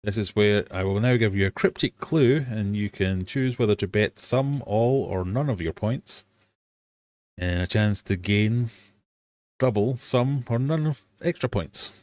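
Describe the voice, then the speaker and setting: British male stream host, lowish voice, jokey quizmaster, dry recording. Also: a little slow, a little mellow, no room sound. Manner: playful, jokey, laughs at himself. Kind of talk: casual quiz chat. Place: home fish room.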